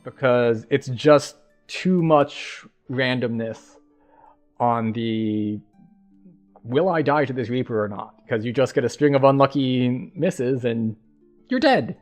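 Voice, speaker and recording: A man's voice: mid-range voice, slow, darkish tone, soft background music. A man streaming a game, casually thinking aloud as he plays. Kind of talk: casual gameplay commentary.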